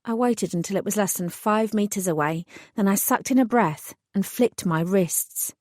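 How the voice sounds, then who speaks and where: A woman's voice: mid-range voice, normal speed, a little mellow, no echo. A woman narrating a first-person fantasy audiobook in a dry, composed way.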